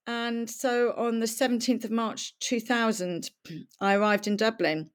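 A middle-aged Welsh woman, guesting on a podcast, shares her life story in a chatty, candid conversational way and laughs often. Her voice is on the high side with fairly even intonation at normal speed.

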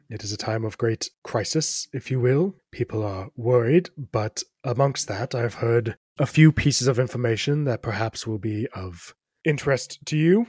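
A man's voice: medium pitch, a little mellow, breathy edge, no echo, clean studio sound. A man voicing a weary, dutiful dragonborn knight who speaks in a stiff, formal way.

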